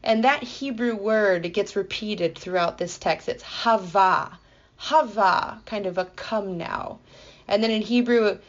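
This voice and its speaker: A woman's voice: mid-range voice, measured pace, lo-fi sound. Enthusiastic woman teaching scripture. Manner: playful and enthusiastic, with vivid asides. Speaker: Bible teacher.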